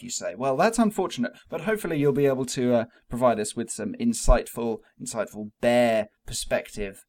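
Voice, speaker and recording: A man co-hosting a comedy podcast who speaks in a deadpan, mock-formal way to an imaginary guest. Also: medium pitch, a little fast, hardly any pauses. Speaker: podcast co-host. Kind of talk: comic podcast introduction.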